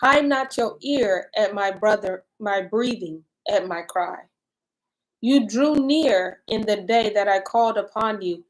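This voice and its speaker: A woman co-host who reads scripture verses slowly and then talks them over in casual, animated bursts. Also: mid-range voice, low-quality recording. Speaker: co-host reading and discussing scripture. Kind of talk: scripture reading and casual discussion.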